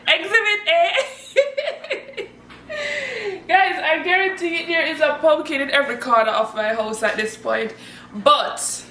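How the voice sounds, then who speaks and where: A woman from Jamaica chatting casually to camera at home, laughing often and swooping up high when excited. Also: takes it slowly, pauses often, roomy sound, far from the mic, slight background noise. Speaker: vlogger. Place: room at home.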